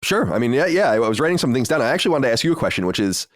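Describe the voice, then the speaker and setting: A man co-hosting a podcast, talking quickly and earnestly in a reflective, casual chat. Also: mid-range voice, sing-song, dry recording, studio quality. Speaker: podcast co-host.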